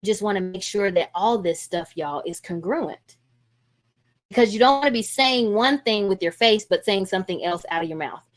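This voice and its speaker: A middle-aged woman counselor talks casually through a parenting workshop over a video call. She keeps the talk lively and often acts out what parents and kids might say. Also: medium pitch, normal speed. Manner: lively and conversational, acting out parents' lines.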